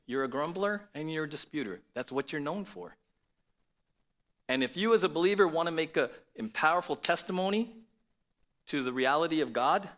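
Male pastor, sermon, conversational, often asks "right?", fairly high, bright voice. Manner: conversational preaching, frequent "right?" asides.

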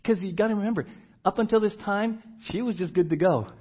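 A male pastor preaching a sermon, moving between loud emphatic repeats and hushed asides. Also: sits high, fairly quick, slightly rough. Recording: dull lo-fi church recording.

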